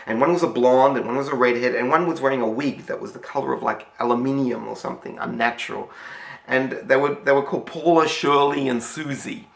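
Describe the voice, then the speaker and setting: A man's voice: medium pitch, steady tone, a little fast, vocal fry. A man with an Australian accent telling a story casually, rambling with many fillers and restarts. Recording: roomy echo.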